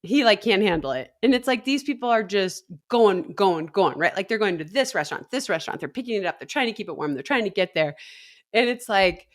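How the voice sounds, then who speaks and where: A woman in her thirties co-hosting a casual podcast. She tells stories in a chatty, rambling way, with a mid-range pitch and frequent laughter. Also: expressive, a little fast. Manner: chatty storyteller, laughs often. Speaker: podcast co-host. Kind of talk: casual chat.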